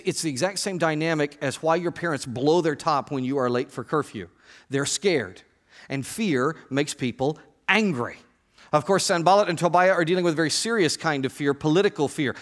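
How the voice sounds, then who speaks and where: Lively, joking male pastor preaching. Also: fairly high pitch, in a large hall. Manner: lively and joking, addressing the congregation directly. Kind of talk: sermon.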